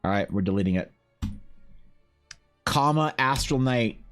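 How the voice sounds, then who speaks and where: A man's voice: medium pitch, animated, unhurried, a bit bright, clear, resonant tone, faint music behind. A man streaming live as he draws, talking casually to himself and his chat, rambling and swearing freely.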